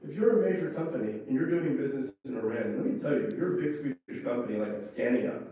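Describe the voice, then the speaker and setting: A man's voice: mid-range voice, fast, mellow, lo-fi sound. A man, a former ambassador, giving an impassioned and emphatic conference speech. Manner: fervent, worked up, emphatic. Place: conference room. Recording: echoey hall from far off.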